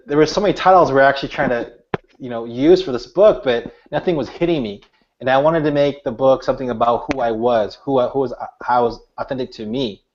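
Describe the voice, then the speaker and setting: Man, middle-aged, earnest animated storyteller, muffled lo-fi sound. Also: mid-range voice, slight background noise. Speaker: author and speaker. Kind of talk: interview, storytelling. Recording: dull lo-fi audio.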